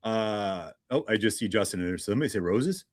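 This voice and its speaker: Low-voiced man hosting a casual livestream. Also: animated, quick pace, no echo. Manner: chatty, greets viewers one by one. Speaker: livestream host.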